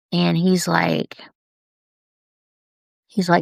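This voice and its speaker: A woman talking openly and tenderly on a live video about heavy times, unhurried and confiding. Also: on the low side, flat delivery, vocal fry, no room sound. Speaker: artist sharing on a live video. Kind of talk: candid personal live stream.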